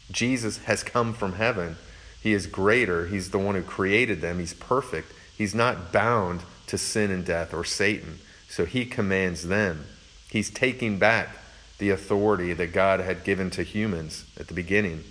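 Low-voiced, conversational male preacher. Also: a bit bright. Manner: conversational, reflective, with many fillers. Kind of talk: sermon, Bible teaching.

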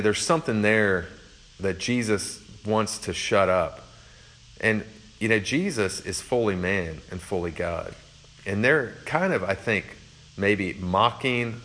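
A male preacher teaching through scripture in a low-pitched voice. His delivery is conversational and reflective, full of casual asides and fillers, with a mix of reading and explaining. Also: fairly bright tone. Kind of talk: sermon, Bible teaching.

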